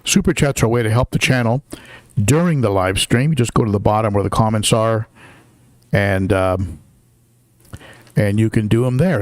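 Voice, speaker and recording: Older male live stream host, low voice, dry close sound, rambling and friendly. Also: moderate pace, long pauses, dry recording. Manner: chatty, many fillers and restarts, greets viewers. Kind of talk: casual live stream chat.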